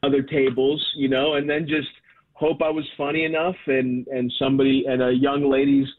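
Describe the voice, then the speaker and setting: A man's voice: mid-range voice, flat delivery, moderate pace. A man, a comedian guest chatting casually, rambling and self-deprecating with many fillers and restarts. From Baltimore. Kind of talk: casual phone interview. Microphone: phone. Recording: tinny phone line.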